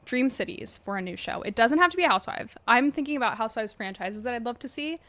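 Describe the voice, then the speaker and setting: A woman's voice: fairly high pitch, animated, fairly bright tone. A woman hosting a podcast in casual, enthusiastic chat. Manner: enthusiastic, quick, chatty. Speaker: podcast host.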